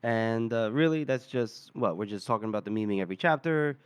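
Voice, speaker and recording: A man's voice: medium pitch, a little fast, smooth. A man with an ordinary mid-range voice talks casually with his co-hosts about a fantasy novel. He reads passages aloud in an easygoing way and laughs often. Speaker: podcast co-host. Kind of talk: casual book discussion.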